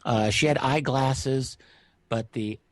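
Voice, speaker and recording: A middle-aged man on a radio interview, telling a witness's strange story in a relaxed way with many fillers. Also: medium pitch, slow, no room sound. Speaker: guest researcher.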